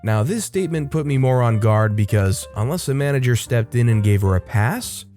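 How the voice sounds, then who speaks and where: A man reads online stories and chats about them in a casual, wry way. His voice is mellow and mid-pitched. A faint guitar plays underneath. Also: animated, normal speed. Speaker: storytime narrator. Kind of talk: reading Reddit stories with commentary. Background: faint guitar music.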